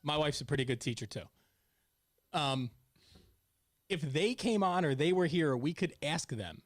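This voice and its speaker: A man in his forties hosting a casual talk show, telling stories with animated energy and getting loud when retelling arguments. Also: on the high side, a little slow, long pauses. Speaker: podcast host, youth softball coach. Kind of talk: casual chat.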